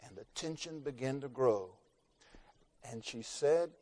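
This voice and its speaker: A man preaching a sermon through a story, rising to loud emphasis and dropping to hushed tones, slowing down on key words. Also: medium pitch, lively intonation. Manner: dramatic, swings between loud emphasis and hushed near-whispers, slows for key words.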